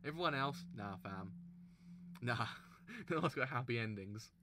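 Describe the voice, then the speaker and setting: Male reaction host, reads manga aloud and exclaims, with a bright, lively delivery. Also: medium pitch, a little slow, long pauses, slight background noise. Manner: excitable, exclaims loudly, stumbles while reading.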